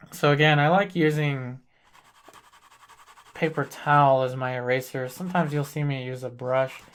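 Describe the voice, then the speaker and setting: A man demonstrating a portrait painting as an instructor, calmly thinking aloud while he works. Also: medium pitch. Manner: thinks aloud while working, calm and deliberate.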